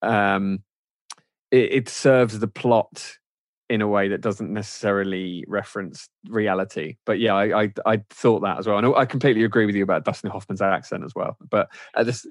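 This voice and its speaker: A man on a film podcast panel, speaking in a measured, thoughtful way with some hesitation. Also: on the low side, dry recording, studio quality. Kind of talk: casual film discussion.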